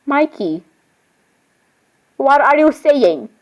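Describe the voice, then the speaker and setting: A woman's voice: high voice, big pitch swings, drawn-out words, low-quality recording. A woman voicing every doll in an improvised role-play, talking in a rambling, chatty way with sudden surprised squeals. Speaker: voicing all the dolls in a homemade role-play.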